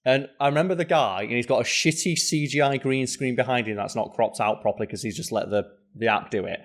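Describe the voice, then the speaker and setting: A man co-hosting a podcast, chatting casually with quick asides and frank swearing. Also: medium pitch. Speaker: podcast co-host. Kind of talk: casual chat.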